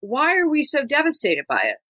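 A woman's voice: high voice, wildly swooping pitch, brisk, sharp tone, poor audio. A woman hosting a talk show, introducing her guests and asking them questions in a chatty way. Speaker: podcast host.

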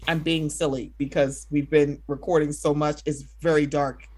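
A woman's voice: low-pitched, level tone, moderate pace, a little mellow. A woman hosting a casual podcast, playful and laughing, swearing freely and slipping into silly voices. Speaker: podcast host.

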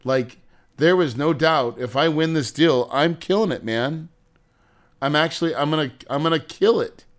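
A man's voice: on the high side, moderate pace. A man hosting a podcast, venting and swearing in a candid monologue, laughing it off between complaints. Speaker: podcast host.

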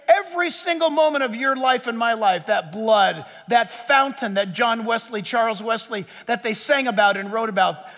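A man preaching a sermon as pastor, impassioned, swinging from shouts to hushed asides and acting out quoted voices. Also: high voice, long reverb tail.

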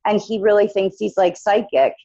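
A woman talking through a painful personal experience as a guest, haltingly and with many fillers. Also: medium pitch, flat delivery, creaky, dull audio, a crowd in the background. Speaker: guest sharing her own experience. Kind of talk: emotional personal account in conversation.

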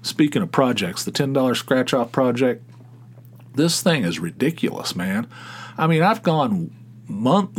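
A middle-aged man hosting a casual solo podcast, rambling with stammered restarts and swearing. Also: medium pitch. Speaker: podcast host.

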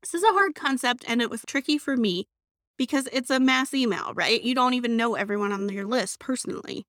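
A woman hosting her own podcast, talking in a chatty, friendly, animated way and acting out little quotes. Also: on the high side, fairly quick, dry recording, studio quality. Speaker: podcast host. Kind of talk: casual solo podcast talk.

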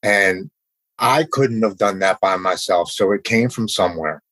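Low husky earnest man. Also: fairly bright tone, no echo, rough recording. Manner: earnest, halting, with repeated restarts. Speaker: person in recovery sharing his story. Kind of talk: casual conversation.

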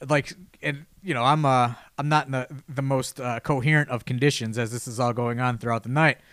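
A man's voice: medium pitch, steady tone, fairly quick, fairly bright tone, no echo. A man hosting a casual podcast chat, telling a long, rambling anecdote with lots of "you know" and false starts. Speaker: podcast host telling a story.

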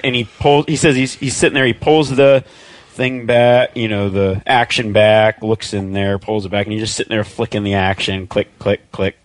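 A man in casual podcast conversation, telling a hunting story with lively animation and acting out what others said. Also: fairly low pitch, no room sound. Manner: animated storyteller, acts out quoted voices. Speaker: podcast guest.

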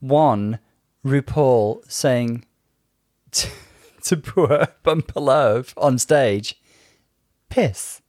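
A man's voice: mid-range voice, extremely slow, pauses often, a little mellow, dry recording, clean studio sound. A man co-hosting a podcast, chatting casually with wry, dramatic asides. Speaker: podcast co-host. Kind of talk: casual chat.

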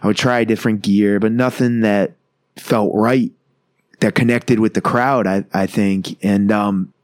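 A man's voice: fairly low pitch, fairly even intonation, measured pace, no echo. Man, thirties, rambling profane wrestler anecdote, acts out quotes, dry close sound. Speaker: pro wrestler guest. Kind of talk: casual interview storytelling.

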